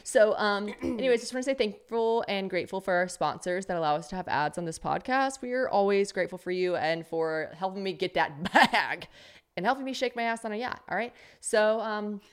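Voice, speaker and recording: A woman's voice: mid-range voice, expressive, a little fast, clear, resonant tone. A woman in her thirties hosting a comedy podcast, talking in a brash, joking, profane way. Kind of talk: casual podcast chat.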